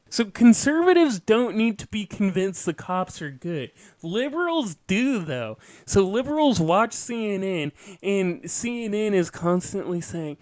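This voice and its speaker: Male host, high voice, slow and deliberate, earnest lecturing monologue on a show. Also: very animated, darkish tone, no room sound. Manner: earnest, lecturing, with asides and self-corrections. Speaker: podcast host. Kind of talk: political commentary monologue.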